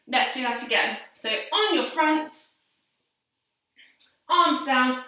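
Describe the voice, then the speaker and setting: A woman's voice: high-pitched, animated, takes it slowly, bright, forceful tone. A young woman PE teacher leading children through exercises at home, giving encouraging step-by-step instructions and counting aloud while slightly out of breath from doing them herself. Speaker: primary school PE teacher. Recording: very echoey hall, distant from mic.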